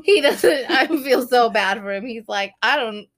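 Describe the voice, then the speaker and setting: A woman in her thirties co-hosting a casual podcast, her voice sitting a little high. She makes jokes at her own expense and laughs often. When she quotes anyone she jumps into high, squealing voices. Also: expressive, unhurried, fairly bright tone. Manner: joking, self-mocking, laughs often. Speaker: podcast co-host. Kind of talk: casual chat.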